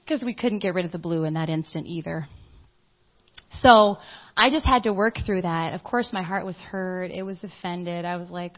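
A middle-aged woman preaching, telling a personal story in an animated way and acting out the people she quotes. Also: lowish voice, moderate pace. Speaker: church speaker. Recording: dull lo-fi audio.

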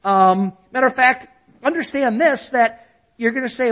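A man preaching a sermon as pastor, lively, calling on listeners to repeat after him. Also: very high-pitched, normal speed, dull audio.

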